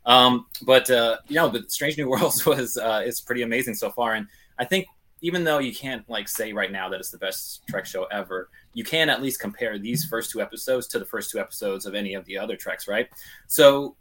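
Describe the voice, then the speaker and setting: A man's voice: medium pitch, a little fast, a bit bright. A man in a casual podcast chat, rambling and hesitant, with lots of fillers. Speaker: podcast co-host.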